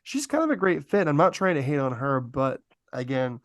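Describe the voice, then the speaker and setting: A man co-hosting a podcast, talking in a rambling, animated way with lots of fillers. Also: medium pitch, normal speed, dry recording. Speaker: podcast co-host. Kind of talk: casual podcast chat.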